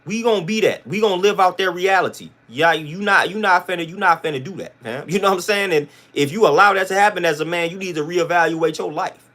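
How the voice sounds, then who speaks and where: Ranting at his chat during a livestream, this man is blunt and slang-heavy, hammering the same points again and again. He talks quickly in a high-pitched, fairly bright voice.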